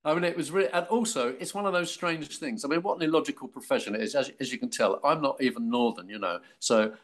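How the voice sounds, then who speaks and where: Older London man telling anecdotes. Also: mid-range voice. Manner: anecdotal, halting with fillers and restarts. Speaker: actor guest. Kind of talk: casual interview chat.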